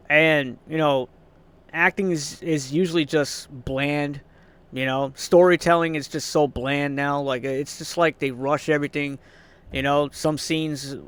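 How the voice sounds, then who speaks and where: A man's voice: on the high side, a bit bright, clear, resonant tone. A young man ranting casually about movies, frustrated and swearing, rambling with restarts and short laughs. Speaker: vlogger.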